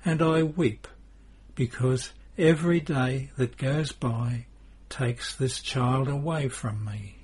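A man voicing a gentle, loving middle-aged mother who speaks tenderly and pleads. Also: medium pitch, takes it slowly, slightly rough.

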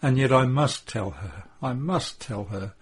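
A man's voice: medium pitch, measured pace, breathy edge. A man playing a sobbing remorseful disciple. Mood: pleading. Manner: sobbing, broken pleading. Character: young male disciple, remorseful and weeping. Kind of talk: devotional story reading.

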